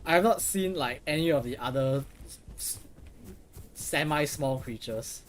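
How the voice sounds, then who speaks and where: A young man gives casual live commentary while streaming a game. He rambles, swears freely and restarts his sentences often. His voice sits a bit on the high side, with a faint background hiss. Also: a little slow. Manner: rambling, profane, restarts a lot.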